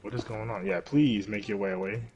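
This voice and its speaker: A young man giving live gameplay commentary as a streamer, excitable, yelping and swearing at the game. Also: fairly low pitch, a little fast. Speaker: gaming streamer.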